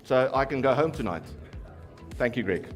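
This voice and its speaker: A man with a South African accent working as an auctioneer, calling bids in a rapid chant and teasing bidders in the room. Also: medium pitch, animated, soft background music. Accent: South African English. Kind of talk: live property auction calling.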